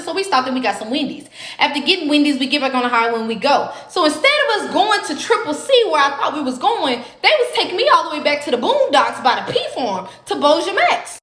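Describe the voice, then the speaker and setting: Animated, fast-talking woman telling a story. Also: high-pitched. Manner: animated, profane, acts out every voice. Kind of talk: casual storytime. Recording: roomy echo.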